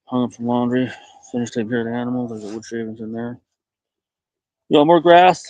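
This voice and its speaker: A man rambles through a casual live stream as he tends his goats outdoors, drifting between complaints to his viewers and gentle coaxing of the animals. His voice sits at an ordinary middle pitch. The sound is dry and close, with no room echo. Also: fairly even intonation, a little fast. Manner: rambling, talks softly to animals. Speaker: livestreamer tending goats. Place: outdoors in a farmyard.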